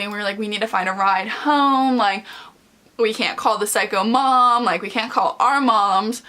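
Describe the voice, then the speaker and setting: A woman's voice: a little high, fairly bright tone. A young woman casually telling a storytime tale in a chatty, profane way, full of fillers. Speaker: vlogger.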